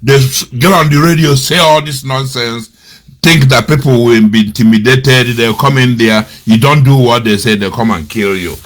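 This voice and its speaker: A man's voice: mid-range voice, moderate pace, a bit bright. A middle-aged man from Nigeria giving critical commentary in an emphatic, repetitive manner, full of rhetorical questions. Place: lives in America.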